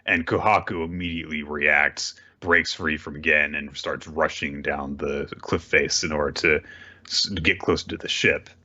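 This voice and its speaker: Deep-voiced man recapping casually. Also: moderate pace, highs cut off. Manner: animated, swearing, laughing, acting out character lines. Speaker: podcast host. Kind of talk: casual manga recap chat.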